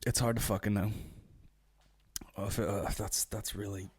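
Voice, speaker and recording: Male podcast host, low voice, dry close mic, rambling profane comic rant. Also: moderate pace, husky, no room sound. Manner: rambling, profane, deadpan storytelling.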